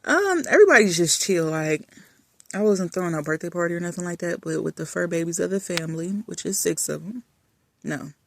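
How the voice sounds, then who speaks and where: A woman vlogger chatting casually and affectionately while lying in bed in a dark room, often dropping to soft murmurs. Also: on the low side, lively intonation, a little fast, gravelly, a little hiss or hum. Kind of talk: casual chat.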